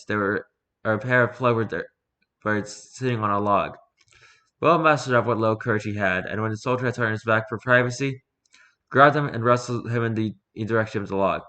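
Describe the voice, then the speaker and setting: A man's voice: lowish voice, bright, forceful tone. A man reading his own fiction aloud in a casual way, with restarts and asides. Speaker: storyteller.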